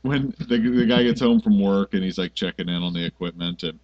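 A man's voice: sits low, fairly quick, dull audio. A man co-hosting a podcast, gushing about a film in casual chat with many fillers. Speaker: podcast co-host.

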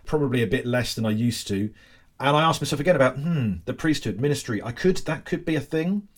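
A man in his forties hosting a podcast, reflective and rambling, with halting restarts. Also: medium pitch. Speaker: podcast host. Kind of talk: casual chat.

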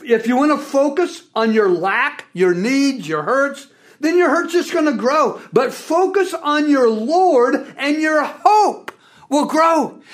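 A pastor preaching a sermon in an animated way, with big swings in pitch and repeated words.

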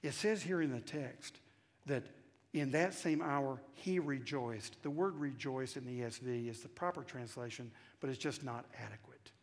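A man with a Southern American accent preaching a sermon, telling a story and swinging between hushed asides and loud, emphatic climaxes. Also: medium pitch, moderate pace. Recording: reverberant hall.

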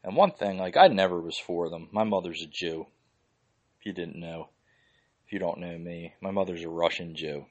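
Low-voiced man ranting with heavy swearing. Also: normal speed, lo-fi sound. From Philadelphia. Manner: profane, heated, fillers like "like". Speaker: podcast host. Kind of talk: casual ranting commentary.

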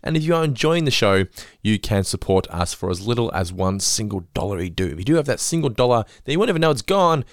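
Fast-talking podcast host. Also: male voice, on the low side, no echo, clean studio sound. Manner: rambling, repeats words, animated. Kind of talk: casual podcast chat.

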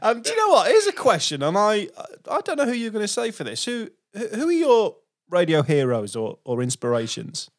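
A man's voice: sits high, wildly swooping pitch, normal speed, few pauses. A man hosting a podcast interview, chatting casually with a friendly teasing manner and frequent restarts. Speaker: podcast host.

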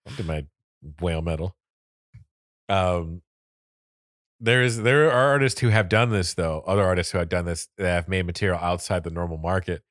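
Joking man from Florida, low voice. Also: normal speed, long pauses, a bit bright, no echo, studio quality. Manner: rambling, joking, laughs often. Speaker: podcast co-host. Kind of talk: casual chat.

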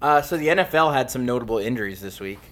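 A man's voice: medium pitch, fast, soft background music. A young man co-hosting a casual sports podcast, swearing freely and acting out what people said. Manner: animated, swears, acts out quotes. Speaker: podcast co-host. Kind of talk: casual chat.

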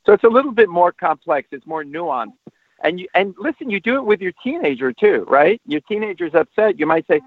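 A man speaking as a parenting expert, earnest and explanatory, getting animated when he demonstrates. His voice sits a bit high for a man. He comes through a dry, tinny phone line. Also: fairly quick, no room sound. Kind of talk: explanatory interview answers.

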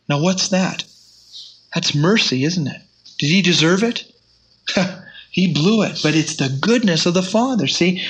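A man's voice: a little high, moderate pace, fairly bright tone, breathy edge. A man teaching the Bible in a sermon, reading scripture aloud with rising emphasis.

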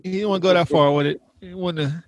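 A man with a high voice trades quick jokes in casual chat and laughs often. The sound is dry and close to the mic. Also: steady tone, dry recording.

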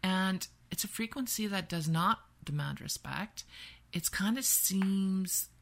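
A woman's voice: mid-range voice, slow pace, vocal fry, a bit bright. A woman from Canada, a women's empowerment and yoga teacher, talking through boundaries in a casual podcast conversation and acting out example phrases, often asking "right?". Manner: explains with repeated "right?" and acted-out example phrases.

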